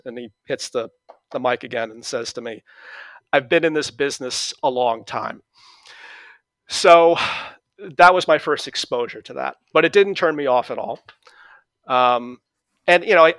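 A middle-aged man from New England with a New England accent, a guest calmly telling stories about his past with many fillers and restarts. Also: mid-range voice, no echo. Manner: relaxed storytelling with fillers and restarts. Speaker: interview guest. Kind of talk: conversational reminiscing.

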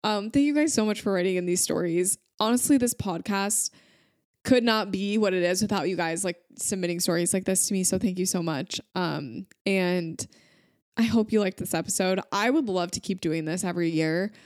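A woman's voice: lowish voice, normal speed, a little mellow, dry recording, clean studio sound. A woman in her thirties hosting a podcast, reading out listener stories and gushing over them in an emotional, chatty way with lots of fillers. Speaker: podcast host. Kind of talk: reading listener stories aloud, casual chat.

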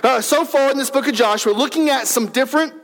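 A man's voice: extremely high pitch, quick pace, fairly bright tone, long reverb tail. A man, a pastor giving an earnest, conversational sermon in a church. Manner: earnest, questioning, conversational preaching.

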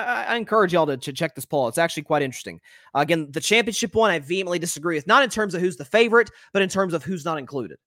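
A young adult man hosting a solo sports commentary podcast, talking in an animated way with frequent repeated words and restarts. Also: a little high, no room sound, clean studio sound. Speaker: podcast host.

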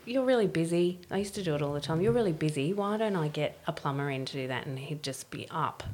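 Aussie woman chatting, bit low voice, laughs a lot, does the voices in her stories. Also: animated, fast, a little mellow, slight background noise. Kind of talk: casual chat.

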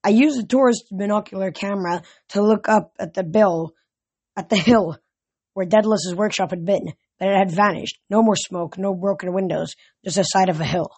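A man reading a novel aloud as a fan audiobook, steady with occasional slips and restarts. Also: high-pitched, moderate pace, breathy edge, no echo. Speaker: audiobook reader.

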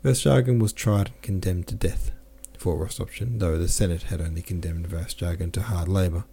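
A man narrates a classic novel in a low, mellow voice. He reads at a steady, unhurried pace and calmly corrects the odd slip. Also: gravelly, slightly rough. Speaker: audiobook narrator. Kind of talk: scripted narration.

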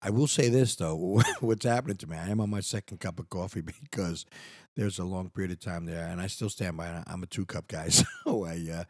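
A man's voice: low-pitched, fairly quick, breathy edge, dry recording, studio quality. A middle-aged man hosting his own podcast, talking in a rambling, earnest way with many restarts. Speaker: podcast host. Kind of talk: casual solo podcast monologue. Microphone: studio microphone.

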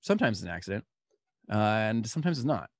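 A man being interviewed, telling personal stories in an animated way and laughing as he goes. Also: lowish voice, fast talker, no echo. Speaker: guest. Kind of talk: storytelling interview.

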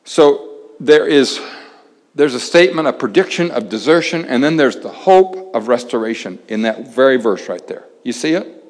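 A man preaching a sermon in a conversational way, pausing dramatically and dropping his voice very low for emphasis. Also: lively intonation, a little mellow. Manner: conversational, dramatic pauses, drops to near-whisper for emphasis. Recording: long reverb of a large hall.

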